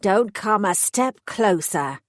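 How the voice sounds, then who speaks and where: A woman's voice: medium pitch, animated, slow pace, no room sound, studio quality. A woman voicing a terrified male prisoner who screams, pleads and snarls, his voice shaking. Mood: panicked.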